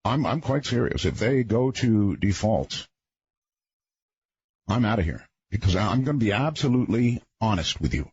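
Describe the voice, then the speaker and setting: Man, radio host, husky, rambling monologue, dull lo-fi dry sound. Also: lowish voice, sing-song, moderate pace, a little mellow, no room sound. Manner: rambling, conversational, folksy asides. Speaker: radio talk show host. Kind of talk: late-night radio monologue.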